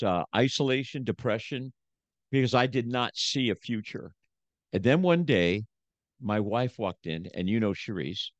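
A man who works as a motivational speaker and preacher tells his story in a casual podcast interview, using emphatic, repetitive phrasing. His voice is on the low side, and the audio is dull with no room sound.

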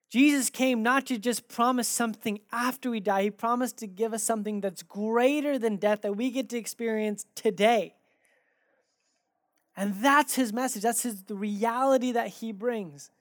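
Conversational pastor telling stories, dry sound. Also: male voice, very high voice, moderate pace, no echo. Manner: animated, acts out quoted dialogue in his stories. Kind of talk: sermon with conversational storytelling.

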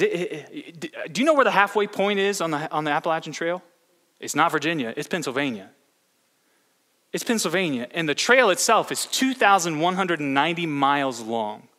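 Male pastor, bright tense voice, chatty sermon full of restarts, echoing church hall. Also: on the high side. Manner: storytelling with many restarts. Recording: long hall reverb.

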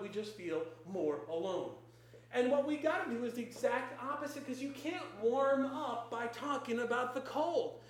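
A preacher with a mid-pitched voice works through a sermon in firm, repeated declarations. The voice rings out in a very echoey space. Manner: emphatic, repetitive declarations. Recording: very echoey room.

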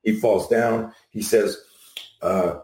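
A middle-aged man, a self-defense instructor guesting on a video call, telling animated stories and acting out the people he quotes. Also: fairly low pitch, takes it slowly. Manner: animated anecdotes, acts out quotes. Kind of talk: storytelling in an interview. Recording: echoey room.

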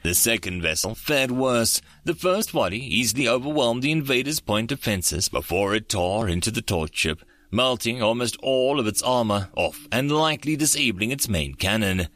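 A man reading an audiobook in measured, steady scripted narration. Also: mid-range voice, no room sound.

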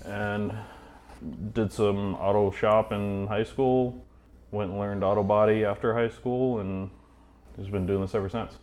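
A man's voice: lowish voice, fairly even intonation, measured pace, long pauses, a little mellow. A man from Idaho, a podcast guest, answering in an easygoing way with 'kinda' and 'uh'. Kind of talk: casual interview answers.

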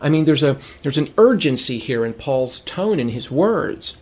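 A man's voice: very animated, moderate pace, darkish tone. A man preaching a sermon, earnest and emphatic. He repeats phrases for stress and asks questions that he answers himself. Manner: earnest, repeats phrases for emphasis, rises in pitch when urging.

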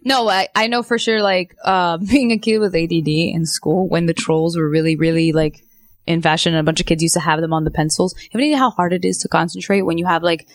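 A woman on a podcast, animated and teasing, with a laugh never far away. Her voice is close and dry, with no room sound. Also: fairly low pitch, fast talker, no room sound. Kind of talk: casual podcast banter.

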